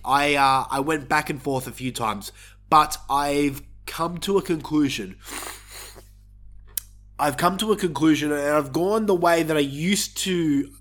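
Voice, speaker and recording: A wrestling podcast host runs his own show, offering casual predictions in an opinionated, worked-up rant while sick with a cough. His voice is a little high and a bit bright.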